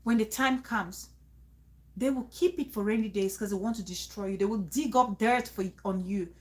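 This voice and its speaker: At a moderate pace and in a mid-range voice, a woman vlogger gives advice in casual talk to her viewers. She repeats points emphatically, frequently restarts phrases and keeps urging them to trust her.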